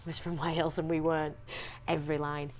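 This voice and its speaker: A young woman with a Yorkshire accent, chatting in an interview as an actress, talking freely with restarts and quick laughs. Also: low-pitched, level tone. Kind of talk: casual interview chat.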